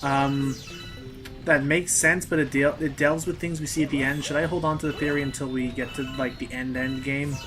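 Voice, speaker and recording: A man's voice: mid-range voice, little pitch movement. A man co-commentating on a game, explaining fan theories with frequent restarts. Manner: halting, restarts often while explaining theories. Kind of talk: casual gameplay commentary. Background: game music.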